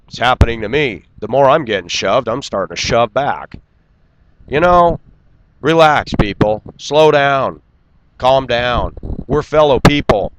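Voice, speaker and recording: A man delivering an indignant, lecturing rant straight to camera and clearing his throat now and then. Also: mid-range voice, lo-fi sound, noisy background. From United States. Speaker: vlogger. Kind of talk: ranting monologue.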